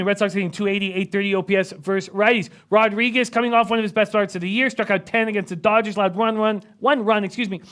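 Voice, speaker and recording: A man hosting a live sports betting stream, rattling off odds and stats in a quiet, close voice and reading out viewers' chat comments. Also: high-pitched. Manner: rapid stat-heavy rundown, reads out chat comments; speaks quietly, close to the mic.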